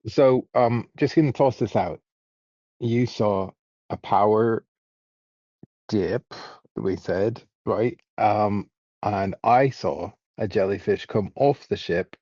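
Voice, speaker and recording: Brief: man, lowish voice, rambling tabletop player, dull dry recording. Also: takes it slowly, darkish tone, no room sound. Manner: rambling, thinks aloud with restarts. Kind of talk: casual tabletop chat.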